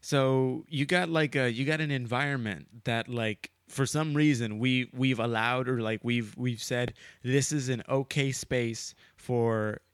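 A man's voice: medium pitch, smooth, dry recording. Young male co-host, casual and meandering, dry close-miked sound. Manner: rambling, halting, full of "like" and restarts. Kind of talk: casual chat.

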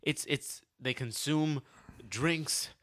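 A man's voice: fairly high pitch, slow, a bit bright. A man in casual conversation who jokes and riffs with absurd, profane bits. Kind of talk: casual chat.

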